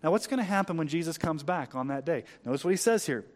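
Man preaching with big dynamic swings. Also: animated. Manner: dynamic preaching, swelling loud then dropping low; reads scripture slowly and emphatically. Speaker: pastor. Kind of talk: sermon.

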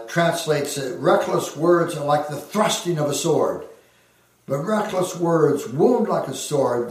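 A man preaching as a pastor, earnest and emphatic, slowing down to give phrases weight. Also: fairly high pitch, a little mellow. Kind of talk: sermon. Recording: very echoey hall, heard from a distance.

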